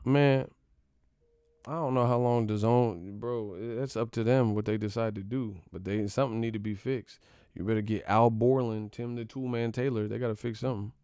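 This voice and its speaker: A man's voice: medium pitch, steady tone, moderate pace, dark tone, smooth, no echo, studio quality. A man hosting a boxing channel, ranting casually with profane, mocking, slang-heavy talk. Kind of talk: casual rant to camera.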